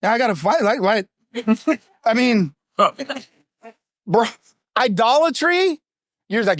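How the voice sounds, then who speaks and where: A middle-aged male pastor preaching a sermon in a punchy, conversational way, full of rhetorical questions and quick asides. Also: very high voice, animated, no room sound, clean studio sound. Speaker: lead pastor.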